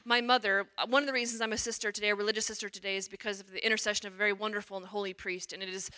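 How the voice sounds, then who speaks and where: Middle-aged nun, personal testimony, lively storyteller, bright tone. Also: female voice, medium pitch, rapid-fire. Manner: animated storyteller, acts out quotes. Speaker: religious sister.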